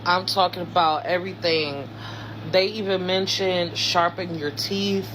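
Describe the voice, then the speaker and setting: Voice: mid-range voice, fairly even intonation, a little slow, noisy background. A person giving matter-of-fact casual video commentary.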